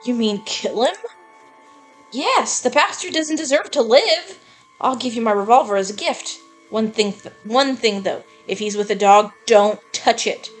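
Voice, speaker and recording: A woman's voice: a little high, lively intonation, measured pace, soft background music, voice pushed up. A woman reading aloud the lines of an angry, vengeful male gang member from a video game, cursing in a heated way. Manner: reads game dialogue aloud plainly, heated curses.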